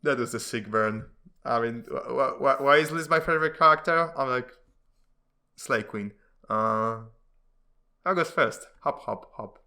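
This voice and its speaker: A man casually reading comic strips aloud, giving the characters quick voices and breaking off into rambling, laughing commentary. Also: medium pitch, bright, forceful tone. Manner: reads dialogue with shifting voices, laughs often, rambling asides.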